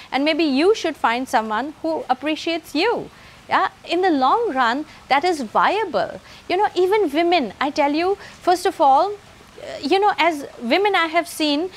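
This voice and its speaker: A woman giving an emphatic motivational talk, building her points in repeated lists. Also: high-pitched. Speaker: motivational speaker.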